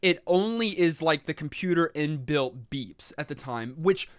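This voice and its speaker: A man co-hosts a casual gaming podcast in a fairly high, smooth voice. He thinks aloud, restarting and trailing off, into a close mic in a dry room. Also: animated, a little slow, no room sound. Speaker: podcast co-host. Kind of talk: casual chat about a retro game.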